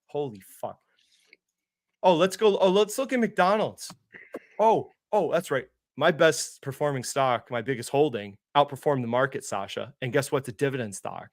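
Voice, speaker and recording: A man's voice: medium pitch, normal speed, dry recording, studio quality. A man co-hosting an investing livestream, ranting with sarcasm, swearing and mocking impressions. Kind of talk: heated casual chat.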